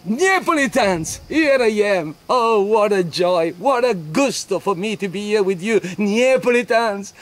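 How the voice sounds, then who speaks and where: An actor playing a medieval friar jester who mocks a warlike crowd with theatrical praise and sudden shouts. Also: male voice, sits high, expressive, measured pace, few pauses, pitched above the performer's own voice. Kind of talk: one-man stage performance.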